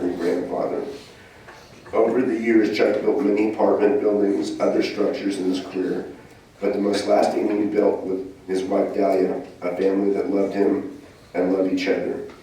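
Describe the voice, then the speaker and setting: Son-in-law eulogist in his sixties, low voice, funny storyteller, recorded from afar in a reverberant hall. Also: level tone, normal speed, dark tone. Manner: humorous storytelling. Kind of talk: memorial eulogy. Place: memorial service hall. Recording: echoey hall from far off.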